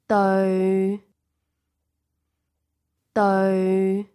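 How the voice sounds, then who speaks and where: A woman teaching a listening lesson, speaking slowly and carefully and repeating each example word twice. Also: mid-range voice. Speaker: language teacher. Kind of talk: scripted lesson narration.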